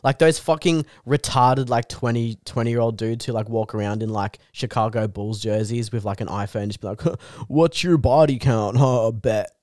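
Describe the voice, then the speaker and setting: A man's voice: on the low side, steady tone, normal speed, few pauses, a little mellow, dry recording. Ranting, swearing man, dry sound. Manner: crude, ranting, swears a lot. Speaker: podcast co-host. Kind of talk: crude casual banter.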